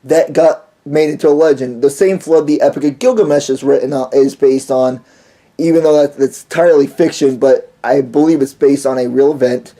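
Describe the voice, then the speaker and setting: A man guest-presenting a casual explainer monologue, speaking bluntly and haltingly, with frequent restarts and pauses. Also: medium pitch, fairly even intonation, warm tone. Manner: blunt, dismissive of the story.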